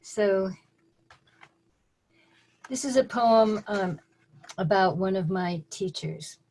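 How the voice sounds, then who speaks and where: An older woman poet reading her own poems at a virtual open mic over a video call, measured and deliberate, with dry asides between pieces. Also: medium pitch, a little mellow, slight background noise, poor audio.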